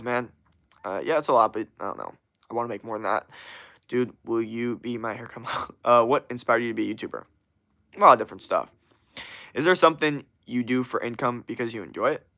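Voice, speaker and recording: A man who hosts a casual livestream and reads viewer comments aloud. He rambles in a relaxed way and swears often, with an average pitch. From USA. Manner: rambling, profane, laid-back. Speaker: livestream host.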